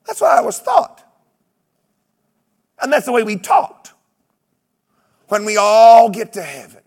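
A man preaching a sermon, telling stories with humor, mimicking other preachers and breaking into shouted exclamations. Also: very high-pitched, slow, slightly rough, long reverb tail. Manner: animated storytelling with shouted exclamations.

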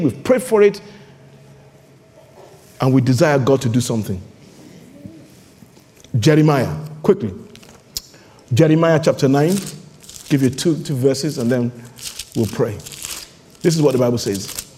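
A man's voice: medium pitch, expressive, measured pace, long pauses, mellow. A man with a Nigerian accent preaching a fervent sermon as pastor, repeating rhetorical questions to his congregation. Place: church hall. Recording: long reverb of a large hall.

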